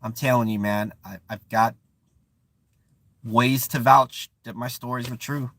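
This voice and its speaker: The channel host here has a mid-range, fairly even voice, a bit bright, speaking unhurriedly with no room sound. English is not his native language; he has a Bay Area accent and, during his casual live-stream chat, keeps stopping to find words, with many restarts and fillers.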